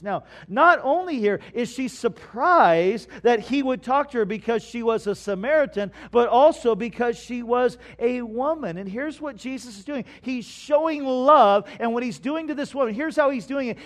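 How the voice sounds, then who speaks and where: A man preaching a sermon, reading scripture aloud and explaining it earnestly, swinging between loud stresses and hushed asides. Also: very high voice, expressive, normal speed, few pauses. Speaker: pastor.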